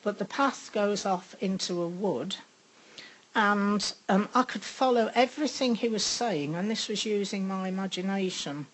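An older woman giving a personal faith testimony, reflective and pausing often with ums. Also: mid-range voice, low-quality recording. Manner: unhurried, reflective, with frequent pauses and ums. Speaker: speaker sharing a faith testimony.

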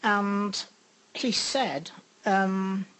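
An older woman giving a personal faith testimony, reflective and pausing often with ums. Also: medium pitch, fairly bright tone, clear, resonant tone, low-quality recording. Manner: unhurried, reflective, with frequent pauses and ums. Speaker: speaker sharing a faith testimony.

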